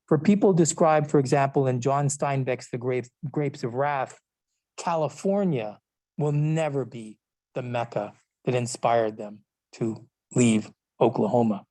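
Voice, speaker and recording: In a recorded lecture, a professor of literature and law reads his prepared text, adding small asides and self-corrections. He speaks at a measured pace in a warm, medium-pitched voice.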